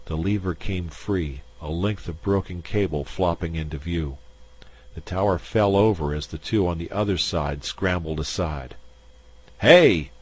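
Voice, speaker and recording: A man reading a science fiction short story aloud in a measured narration. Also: deep voice, darkish tone. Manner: slow, measured.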